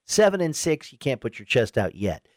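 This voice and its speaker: A man hosting sports talk radio, his voice rising and falling a lot as he chats. He slips into high, excited voices when he plays out what fans say. The sound is close and dry, recorded in a studio. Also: normal speed, no echo. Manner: animated, quotes imagined fans in raised voice. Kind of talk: casual sports radio chat.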